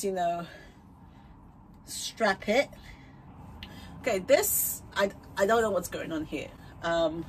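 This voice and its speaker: A young woman talks through a casual home review in a bubbly, rambling way, laughing often and dropping the odd swear word. Her voice sits at an ordinary middle pitch, with a faint hum of background noise. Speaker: vlogger reviewing wigs.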